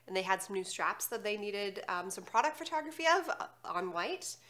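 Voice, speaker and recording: Woman, co-host, nasal stuffed-up voice, chatty, bright and forceful. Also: mid-range voice, animated, normal speed. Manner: chatty, upbeat storytelling. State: congested from allergies. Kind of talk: casual chat.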